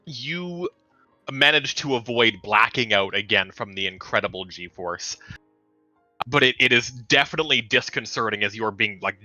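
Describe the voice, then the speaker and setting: A man narrating a tabletop game as game master, vividly and with halting restarts. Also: on the low side, sharp tone, dry recording, low-quality recording.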